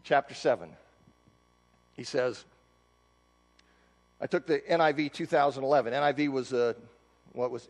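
A man preaching an expository sermon, reading scripture and explaining it, with emphatic rising bursts. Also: medium pitch. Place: church sanctuary. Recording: long church reverb.

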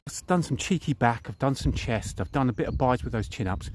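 A man's voice: medium pitch, lively intonation, fairly quick, a little mellow, slight background noise. A man in his thirties with a British accent chatting bluntly and casually to camera as a fitness vlogger, walking outdoors through a park. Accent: British English.

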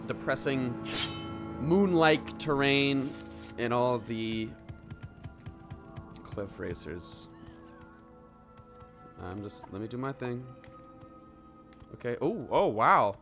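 A man's voice: medium pitch, a bit bright. A man hosting a let's play, giving reactive gameplay commentary and exclaiming at what happens in the game.

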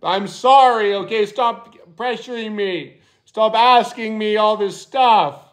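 Frantic, swearing truck driver after a crash, pitched up high, played by a man on a prank call. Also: fairly even intonation, slow pace, creaky, heavily acted. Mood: panicked. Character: panicking male truck driver who crashed.

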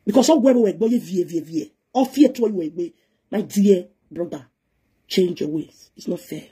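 A woman's voice: fairly low pitch, measured pace, dark tone, breathy edge. A woman with a Nigerian Pidgin accent, giving a heated, scolding live-stream rant as a presenter, switching between pidgin and English.

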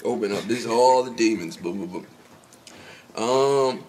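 A man's voice: lowish voice, measured pace, darkish tone, slight background noise. Slangy man retelling a story casually. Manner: loose, slangy storytelling full of filler tags. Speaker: podcast host. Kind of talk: casual chat, retelling a movie.

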